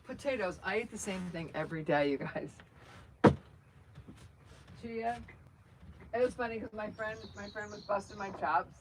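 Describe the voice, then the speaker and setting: A woman's voice: medium pitch, normal speed, long pauses, background noise. A woman hosting a casual livestream, chatting in a rambling, self-joking way as she moves around her truck outdoors, filmed on a phone. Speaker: channel host. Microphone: phone camera.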